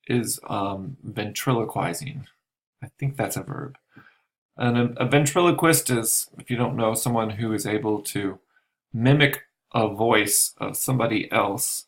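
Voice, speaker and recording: A male teacher calmly explaining a play scene, unhurried and thinking aloud as he goes. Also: fairly low pitch. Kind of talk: lesson walking through a play.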